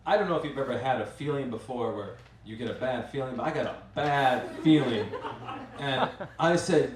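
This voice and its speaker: A man's voice: mid-range voice, animated, moderate pace, darkish tone. Rambling male storyteller in a roomy hall. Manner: rambling and self-mocking, with many restarts. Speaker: master of ceremonies telling a story. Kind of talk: live storytelling on stage. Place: live event venue with an audience. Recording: roomy, distant mic, faint ambience.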